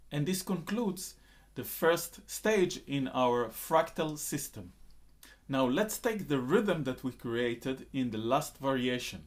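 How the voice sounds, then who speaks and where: A man's voice: a little high, sing-song, unhurried, background noise. Man teaching rhythm, counting syllables aloud. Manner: counts in and recites konnakol syllables loudly in time. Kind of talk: instructional lesson with spoken rhythm syllables.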